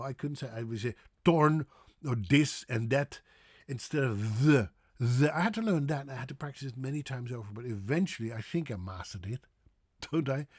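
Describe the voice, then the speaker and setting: A man's voice: medium pitch, no room sound, clean studio sound. A Dutch man with a Dutch accent, teaching pronunciation by drawing out and exaggerating his vowels. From Netherlands. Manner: animated, drawn-out exaggerated vowels.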